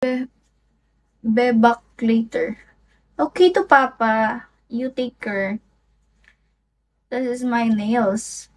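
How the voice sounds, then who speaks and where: High-voiced, unhurried Filipino young woman. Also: a little mellow. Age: young adult.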